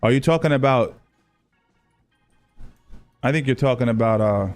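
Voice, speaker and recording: A man's voice: mid-range voice, normal speed, soft background music. A man hosting a casual livestream, reading chat aloud and bantering with his viewers in a loose, profane way. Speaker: streamer reacting to clips.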